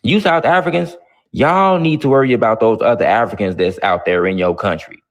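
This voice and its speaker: A man's voice: medium pitch, a little fast. A man hosting a live online talk show, brash and profane, mocking his callers. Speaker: host.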